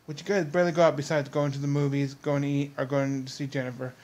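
A man's voice: fairly high pitch, level tone, fast, hardly any pauses. A young man ranting in a vlog commentary, exasperated and mocking, repeating his points. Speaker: commentary vlogger.

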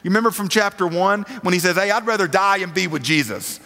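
A male preacher with a twang and a noticeably high voice delivers a laid-back sermon. He reads scripture and throws casual rhetorical questions at the crowd. His voice rings through the long reverb of a big worship hall. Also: quick pace, creaky, pushed and bright. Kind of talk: conversational sermon.

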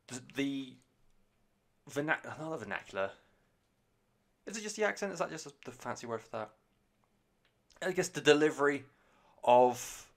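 A man's voice: fairly low pitch, fairly bright tone. A man giving a rambling, enthusiastic and sweary casual review of an album on a podcast.

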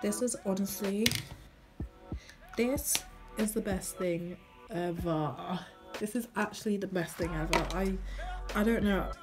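A young woman chatting casually while doing her makeup, animated and full of swearing. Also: medium pitch, measured pace, pauses often, music in the background. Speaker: beauty vlogger. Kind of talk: casual get-ready-with-me chat.

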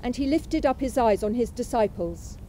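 A woman reading aloud from a lecture at a memorial event in a measured, unhurried way. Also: on the high side, expressive, warm tone, a little hiss or hum, rough recording. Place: college chapel.

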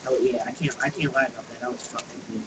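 A man's voice: medium pitch, steady tone, fast talker. A man chatting casually while playing a game, joking and swearing with his friends. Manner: joking, profane banter. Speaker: gamer. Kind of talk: casual gaming chat. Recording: distant mic with room noise.

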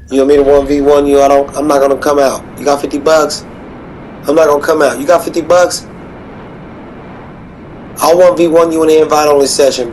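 Guy gaming and talking trash on voice chat, cocky and taunting, aave slang, kinda high voice. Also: a little mellow, slight background noise, poor audio. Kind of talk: casual trash talk while gaming.

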